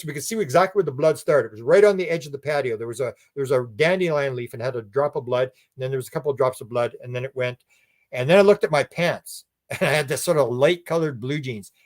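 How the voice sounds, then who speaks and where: A man as an interview guest, telling a long story in an animated, rambling way and acting out what people said. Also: a little high. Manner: animated, rambling, acts out quoted speech. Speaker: guest researcher.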